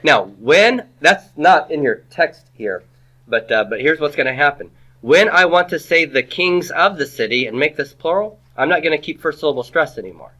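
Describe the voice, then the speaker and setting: A man's voice: a little high, expressive, moderate pace, bright, forceful tone. A man teaching a classroom grammar lecture, quizzing his students with rhetorical questions and dropping playful asides.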